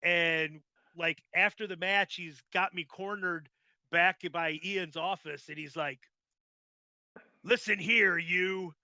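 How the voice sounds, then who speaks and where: A man's voice: a little high, steady tone, slow pace, gravelly, sharp tone, clear, resonant tone, no echo. A man hosting a podcast, reminiscing casually and rambling with lots of "like" and restarts. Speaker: podcast host. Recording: dull lo-fi dry sound.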